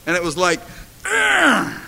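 A man's voice: on the high side, lively intonation, measured pace, pushed and bright. A middle-aged man, a pastor, delivering a sermon with impassioned storytelling that rises to fervent exhortation.

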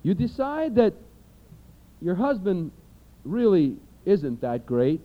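A man preaching a sermon, lively and animated, acting out everyday scenes in different voices as he reads scripture. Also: high-pitched, slow. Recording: dull lo-fi recording.

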